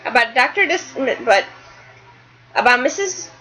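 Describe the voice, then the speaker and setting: A woman's voice: high voice, animated, measured pace, sharp tone, husky, rough recording. A woman teacher reading a picture book aloud to a class, stopping to explain words and pictures.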